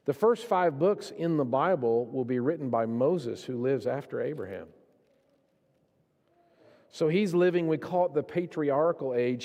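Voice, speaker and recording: Guy preaching a sermon, goes quiet then gets all fired up, church hall echo trailing off. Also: mid-range voice. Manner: impassioned, swings from hushed to raised. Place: church sanctuary. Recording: long reverb of a church hall.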